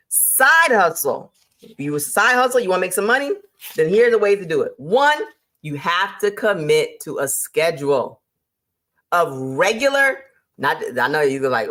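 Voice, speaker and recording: Lively low-voiced woman giving business tips. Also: a little slow. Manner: lively and emphatic, with sudden jumps in pitch; teacherly, lays out numbered points. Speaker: host. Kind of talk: motivational business advice talk.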